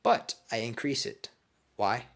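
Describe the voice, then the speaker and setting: A man's voice: mid-range voice, lively intonation, slow, fairly bright tone. A man casually telling a made-up fan story, crude, slangy and rambling.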